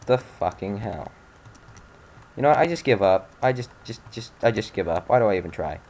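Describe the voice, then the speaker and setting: A man's voice: on the low side, animated, quick pace, a little mellow. Grumpy young man swearing at a game. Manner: irritable, swearing, grumbling. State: angry, frustrated. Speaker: let's play commentator. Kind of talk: casual gameplay commentary.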